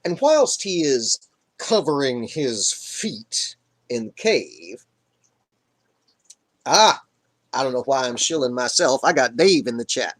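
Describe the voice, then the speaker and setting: A man's voice: mid-range voice, very animated, takes it slowly, pauses often. A man hosting a live stream, retelling a Bible story in an irreverent, joking way. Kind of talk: casual comic Bible retelling.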